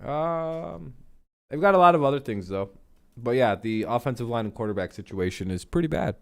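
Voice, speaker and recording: A man hosting a casual sports talk stream, swearing freely and rambling bluntly. His voice is smooth and medium in pitch, recorded dry and close. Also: lively intonation, normal speed, no room sound. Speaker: host.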